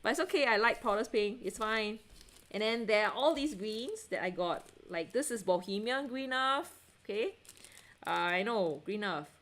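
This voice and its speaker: A woman's voice: medium pitch, animated, normal speed, fairly bright tone. A woman hosting an art livestream, chatting casually to viewers with frequent giggles and self-interruptions as she shows her paints. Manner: asks viewers to check things, answers chat. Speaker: artist livestream host.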